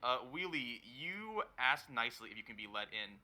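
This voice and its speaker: A man narrating as dungeon master in a tabletop game, pausing often with fillers. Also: medium pitch, big pitch swings, pushed and bright. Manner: hesitant, many fillers while narrating.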